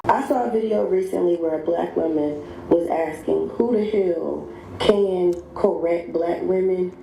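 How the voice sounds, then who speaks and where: A woman delivers emphatic commentary in a blunt tone, sometimes slipping into mocking imitations. Her voice is low and mellow. It echoes in a roomy space over faint background noise. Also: unhurried, vocal fry. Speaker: social media commentator. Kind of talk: opinionated commentary.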